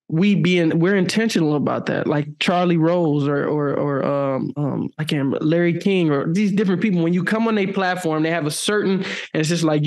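A man's voice: fairly high pitch, a little mellow. A young adult man hosting a podcast, talking in an earnest, heartfelt and emotional way during a casual interview chat. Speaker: podcast host.

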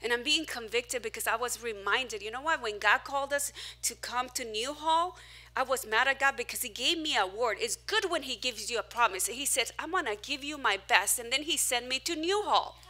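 Lively high-voiced woman preaching. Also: normal speed. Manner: animated, self-mocking, with sudden loud and soft swings. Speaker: pastor. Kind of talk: sermon. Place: church hall, preaching to a small crowd.

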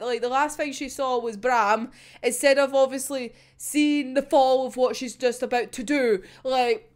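A young Scottish woman reacting to a manga chapter, swearing and exclaiming in exasperation. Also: high-pitched. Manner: swears a lot, laughs and cries out in exasperation. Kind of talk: emotional reaction vlog.

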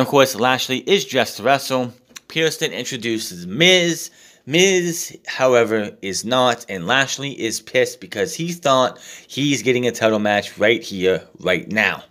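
A man with a mid-range, slightly bright voice recaps a wrestling show casually and profanely. He gets exasperated and mockingly imitates what people said as he rants.

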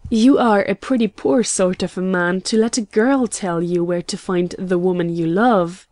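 A woman reading the part of a lively young lady who speaks breathlessly and teases mockingly, in a storybook. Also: on the low side, normal speed, no echo, natural voice. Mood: teasing.

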